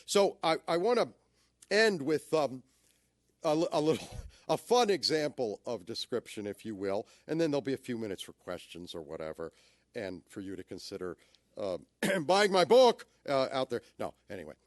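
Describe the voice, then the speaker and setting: A man's voice: mid-range voice, sing-song, moderate pace, dry recording. Guy giving a lecture, acting out how tone changes meaning, swoopy voice, dry sound. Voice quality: playful, theatrical, shifting emphasis to demonstrate. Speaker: audio describer giving a talk. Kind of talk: lecture with spoken demonstrations.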